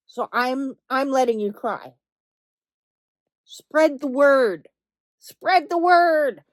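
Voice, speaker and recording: A woman's voice: high voice, no echo. A woman speaking as a spiritual healing coach, blunt and emphatic, swearing freely and stretching words for stress, then turning soothing and reassuring. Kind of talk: impassioned direct-to-camera talk.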